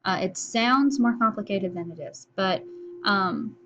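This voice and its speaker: A woman's voice: mid-range voice, measured pace, a bit bright, muffled recording, a little hiss or hum. Woman teacher explaining casually. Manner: casual and explanatory, with frequent fillers. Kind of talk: recorded video lesson.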